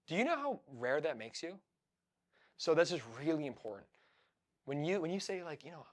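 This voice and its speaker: A man's voice: on the high side, big pitch swings, fast. A man coaching a room of students on sales calls, talking in an emphatic, conversational way that keeps checking in with "right?" and "you know". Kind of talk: live training talk to a room.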